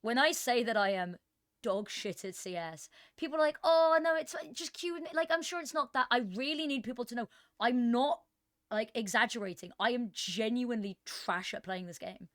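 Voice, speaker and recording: Woman esports caster, chatty storyteller, slightly high voice, dry close headset. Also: normal speed, fairly bright tone, no echo. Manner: chatty, self-deprecating, storytelling. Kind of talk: casual co-caster chat.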